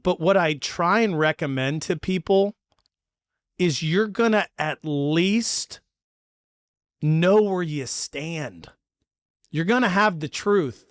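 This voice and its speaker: A man hosting a podcast, telling a story in a casual chat and acting out the quotes with lively energy. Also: fairly high pitch, takes it slowly, long pauses, clean tone, no room sound, clean studio sound. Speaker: podcast host.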